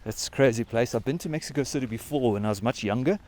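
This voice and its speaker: A South African man in his thirties vlogs while hiking at altitude, out of breath and rambling with plenty of fillers. His voice sits at a middle pitch. Faint outdoor noise and a distant vehicle hum sit under his talk. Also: quick pace, darkish tone. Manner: rambling, loose, lots of fillers. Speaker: travel vlogger. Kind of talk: casual vlog chat while hiking. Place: outdoors on a high mountain trail.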